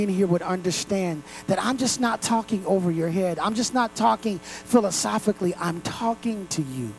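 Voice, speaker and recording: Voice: mid-range voice, lively intonation, moderate pace, few pauses, a little hiss or hum, rough recording. A pastor preaching a sermon to a congregation in a room, earnest and direct.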